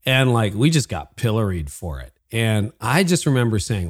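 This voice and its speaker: A man's voice: fairly low pitch, big pitch swings. Enthusiastic man hosting a leadership podcast. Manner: enthusiastic, affirming, quick asides and laughs. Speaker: podcast host. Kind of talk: podcast interview conversation.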